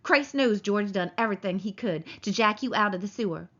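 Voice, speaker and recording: A woman's voice: mid-range voice, a little fast, fairly bright tone. A woman voicing a sneering giant rabbit. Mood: taunting. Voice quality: sneering, scornful. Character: giant scornful imaginary rabbit, male, cruel and taunting. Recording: dull lo-fi recording.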